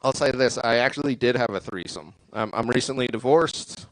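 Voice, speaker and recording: A man performing a stand-up set at a comedy club, delivering deadpan punchlines into a stage mic. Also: mid-range voice, a little fast, no room sound, rough recording.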